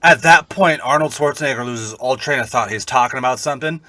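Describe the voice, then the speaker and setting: Bright-voiced man telling animated stories. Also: mid-range voice, fast talker, dry recording. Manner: animated, profane storytelling. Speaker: podcast co-host. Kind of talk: casual chat.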